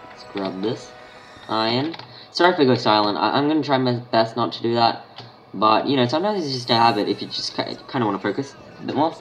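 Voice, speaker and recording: This Australian gaming host sounds animated, speaking quickly in a medium-pitched voice over soft background music. His gameplay commentary is casual, full of thinking aloud and half-finished muttered sentences.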